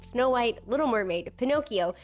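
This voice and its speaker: A woman with a slightly hoarse sick voice, reading a scripted commentary with wry sarcasm. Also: on the high side, expressive, moderate pace, faint music behind. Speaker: video essayist.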